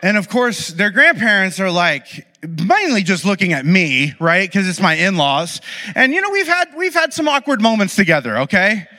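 A man's voice: sits high, sing-song, normal speed, pushed and bright. A man telling a story to an audience in a loose, conversational way, full of fillers and asides. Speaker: speaker addressing an audience. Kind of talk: storytelling talk. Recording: long reverb of a large hall.

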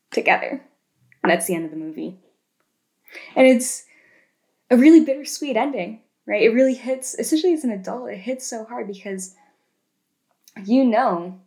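A woman co-hosting a casual podcast, retelling film scenes in an animated way and tagging lots of questions. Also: fairly low pitch. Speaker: podcast co-host.

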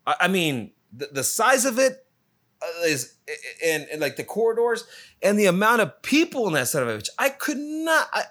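A man's voice: a little high, fairly bright tone. A man telling a rambling, profanity-filled travel story in a casual, exasperated way. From lives in Phoenix area. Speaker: storyteller recounting a trip.

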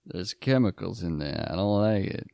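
A man's voice: low-pitched, animated, normal speed, vocal fry, mellow, dry recording. A man riffing on a movie with sarcastic, wisecracking asides. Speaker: movie riffer. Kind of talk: riffing commentary over a movie.

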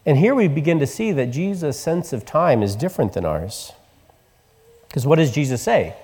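A man preaching a sermon, telling the story with voices and dropping to soft, tender tones for the quiet words. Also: a little high, very animated, moderate pace, slightly rough, in a large hall. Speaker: pastor.

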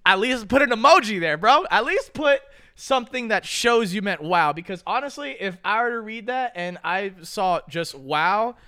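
A man's voice: high voice, expressive, normal speed, pushed and bright. A young man hosting a podcast, chatting casually with loose, profane, joking banter. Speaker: podcast host. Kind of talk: casual reaction chat.

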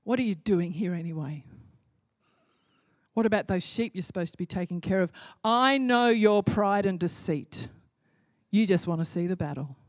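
A contemptuous older brother barks accusations at his younger sibling, as a woman preacher puts him on. The voice sits lower than her usual speech and comes across dry and close. He scolds as if catching someone out. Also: animated, moderate pace, dry recording, lightly acted. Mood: scornful.

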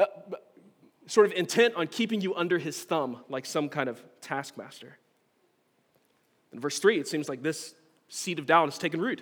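Male pastor, high voice, earnest expository sermon, hall reverb. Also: fairly bright tone. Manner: earnest expository preaching with frequent restarts.

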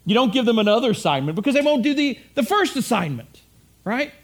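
A man's voice: very high-pitched, very animated, fast. A middle-aged man preaching a sermon in a conversational way, repeating phrases and acting out quotes. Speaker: pastor.

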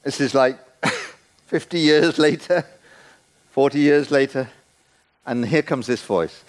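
A man in his sixties preaching a sermon in a church, playful and animated, acting out the voices he quotes. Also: mid-range voice, takes it slowly, pauses often. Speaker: guest preacher.

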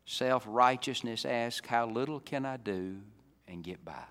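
A man preaching a sermon, swinging from loud, emphatic climaxes down to soft, low passages. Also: lively intonation, unhurried. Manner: dynamic, rising to loud emphatic peaks then dropping soft. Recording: reverberant hall.

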